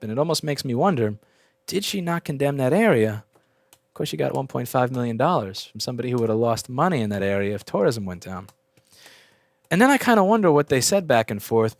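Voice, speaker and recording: A man's voice: on the high side, no echo, studio quality. A man who owns a repair shop and hosts the channel, speaking in a casual opinion rant. He is blunt and profane and repeats himself as he talks.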